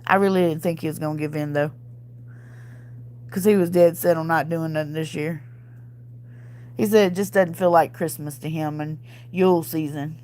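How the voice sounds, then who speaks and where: A woman's voice: deep voice, fairly even intonation, normal speed, pauses often, darkish tone. A woman with a Southern US accent hosts a casual livestream, chatting with viewers, calling them y'all and laughing often. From Mississippi, US. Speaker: livestream host reading chat. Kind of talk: casual chat.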